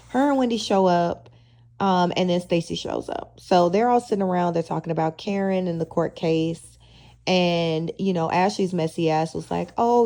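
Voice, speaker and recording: A woman speaks. She recaps a reality show in a casual, sassy, opinionated way, full of slang. Her voice has a gravelly fry and a dark, mellow tone. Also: fairly low pitch. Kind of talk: casual chatty episode review.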